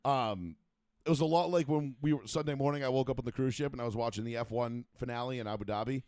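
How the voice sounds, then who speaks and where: A man hosting a casual sports talk show, rambling and profane, with fast banter. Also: medium pitch, a little mellow, no room sound. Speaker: host.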